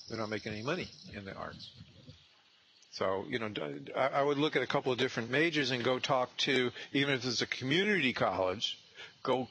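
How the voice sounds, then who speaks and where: A man coaching a trainee one on one on real estate prospecting, animated and acting out sales scripts. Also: medium pitch, husky, rough recording.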